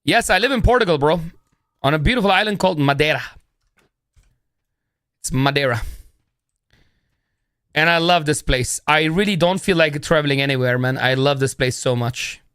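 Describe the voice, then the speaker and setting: A young man, talking in a loose, rambling, slangy way with plenty of "bro", pitched somewhat high for a man. His voice is close to the mic and dry, with no room sound. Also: normal speed, pauses often, a bit bright, smooth, dry recording. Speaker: streamer. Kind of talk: casual live-stream chat.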